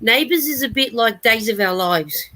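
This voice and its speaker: A woman's voice: a little high, lively intonation, moderate pace, pushed and bright. A woman in casual chat who explains things loosely and lets her sentences trail off.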